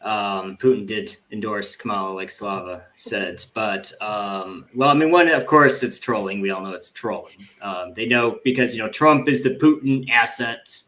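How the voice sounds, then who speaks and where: A man's voice: lowish voice, moderate pace, hardly any pauses, pushed and bright. A man hosting a podcast, talking through politics in a rambling, casual way, with many fillers and restarts. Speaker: podcast host.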